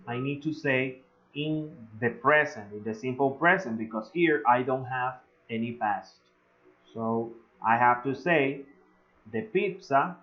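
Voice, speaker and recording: A man whose first language is Spanish, teaching English grammar in an online lesson, slow and full of "eh" fillers, drawing out his example sentences. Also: mid-range voice. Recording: slightly dull lo-fi audio.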